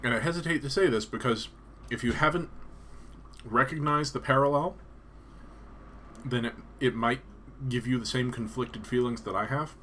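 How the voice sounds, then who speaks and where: A man from Canada talks loosely to his live-stream viewers, voice sitting at an ordinary middle pitch. He wanders from thought to thought, often stopping to hesitate or restart a sentence. Faint noise hums behind him. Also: normal speed, pauses often, a bit bright. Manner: rambling, hesitant, lots of ums and restarts. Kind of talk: casual live-stream chat.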